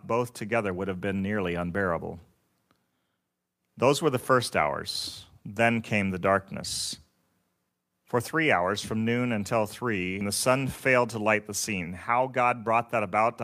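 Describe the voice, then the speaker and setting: A man preaching a sermon, reading scripture in a slow, solemn and measured way. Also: lowish voice, a bit bright. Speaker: pastor.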